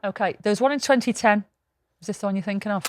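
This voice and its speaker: A woman's voice: mid-range voice, fast, a little hiss or hum. A woman, co-hosting a casual podcast and telling anecdotes with plenty of swearing. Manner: swearing, storytelling, lively anecdotes. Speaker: podcast co-host.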